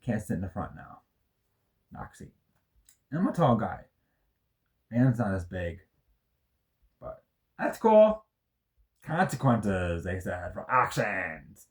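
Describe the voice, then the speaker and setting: A vlogger in his thirties tells an emotional personal story in a rambling, self-correcting way, swearing often. His low voice is very animated but a little slow, with long pauses.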